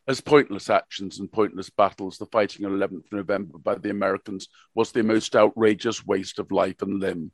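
Brief: man voicing an indignant politician, low, dry and close, accusing tone. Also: no room sound, natural voice. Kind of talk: reading a hearing transcript aloud.

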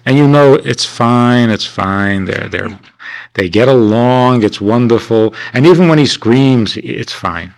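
At a winter camp, a man leads a class in a conversational lecture style, speaking a little slowly at a medium pitch. He asks rhetorical questions and animatedly performs the people he quotes, captured in a dry but low-quality recording.

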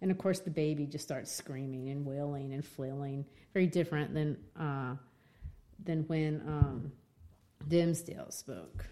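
A woman in a casual book discussion, retelling the story in an animated way. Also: deep voice, unhurried. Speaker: co-host discussing a novel.

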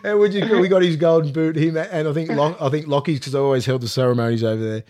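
An Australian man co-hosting a relaxed podcast chat. He swears freely and laughs a lot as he tells lively stories. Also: a little high, quick pace, a little hiss or hum. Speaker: podcast co-host, former rugby league player. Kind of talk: casual chat.

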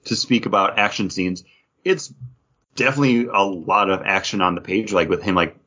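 A man's voice: low voice, normal speed, bright, forceful tone, highs cut off. A man co-hosting a casual comics podcast, rambling with lots of fillers and joking asides. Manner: rambling, filler-heavy, jokey. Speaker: podcast co-host.

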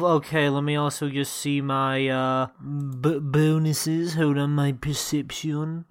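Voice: mid-range voice, little pitch movement, takes it slowly, hardly any pauses, smooth. A player in a tabletop game, fumbling through rolls and actions with lots of fillers.

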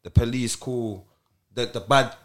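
Man, mid-pitched, slangy, casual storytelling. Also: steady tone, unhurried. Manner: loose, slang-heavy storytelling with many tag questions. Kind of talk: casual group chat.

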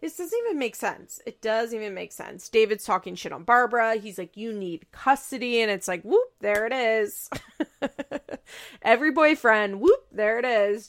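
A woman hosting a podcast, chatting casually and laughing often as she recaps. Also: medium pitch. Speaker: podcast host.

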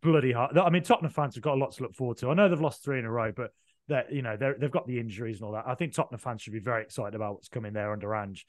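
A man's voice: medium pitch, racing, dry recording, clean studio sound. A man co-hosting a football podcast, telling rambling, jokey stories with lots of fillers. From Birmingham, England. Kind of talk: casual chat.

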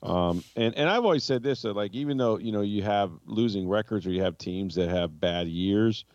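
Deep-voiced exasperated sports reporter. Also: male voice, moderate pace, darkish tone, no room sound, dull audio. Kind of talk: casual sports talk.

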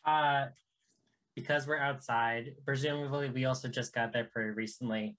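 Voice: mid-range voice, fairly even intonation, normal speed, fairly bright tone. A tabletop game player describing a character, hesitant and full of joking asides.

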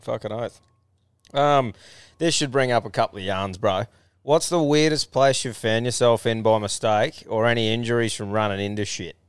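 A man hosting a podcast, with a smooth, clear voice of middling pitch. He keeps it relaxed and profane and chips in with jokes. The sound is dry and close. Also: normal speed, no room sound. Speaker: podcast host. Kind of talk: casual chat.

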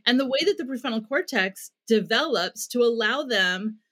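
A middle-aged woman speaking as a parenting expert in an interview. Her voice sits a little high, and she explains with earnest care, now and then acting out short bits of dialogue to show what she means. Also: animated, moderate pace, fairly bright tone.

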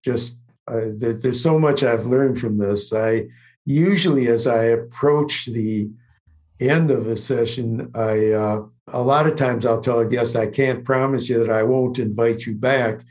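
A man's voice: mid-range voice, a little slow, a little mellow. A man hosting a podcast, a clinician who speaks thoughtfully and with appreciation. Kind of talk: podcast interview.

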